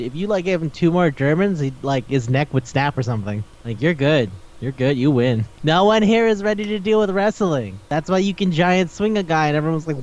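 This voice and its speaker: A man co-hosting a casual podcast about anime and manga. He talks animatedly, swears freely and keeps slipping into quick voices for the characters. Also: a little high, lively intonation, darkish tone. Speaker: podcast co-host. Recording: dull lo-fi sound.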